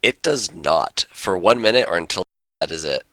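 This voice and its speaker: A man's voice: low-pitched, lively intonation, normal speed, pushed and bright, no room sound. A man playing a tabletop game, eagerly reading out the rules at length. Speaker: player.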